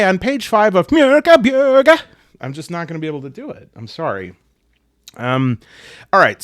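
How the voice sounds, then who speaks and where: A man's voice: medium pitch, fairly bright tone. An American man chatting casually to camera about tabletop games. He jokes at his own expense and slips into goofy voices when quoting people. His voice sits mid-range, recorded close and dry with no room echo. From United States. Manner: joking, self-deprecating, puts on silly voices for quotes. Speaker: solo tabletop gaming host.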